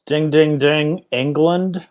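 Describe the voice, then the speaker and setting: A man's voice: a little high, steady tone, slow, darkish tone. A man playing along in casual trivia banter, buzzing in playfully before each guess. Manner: playful, buzzes in with "ding ding". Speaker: trivia player.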